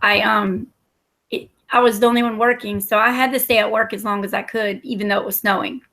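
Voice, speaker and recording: A woman's voice: medium pitch, steady tone, brisk, fairly bright tone. A woman, telling rambling, profane, self-mocking stories in casual talk. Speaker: storyteller. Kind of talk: casual storytelling.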